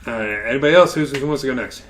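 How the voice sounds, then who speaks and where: A man's voice: mid-range voice, rapid-fire, a crowd in the background. A man hosting a casual podcast chat, laughing often and filling with "uh". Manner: laughs often, many fillers. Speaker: podcast host.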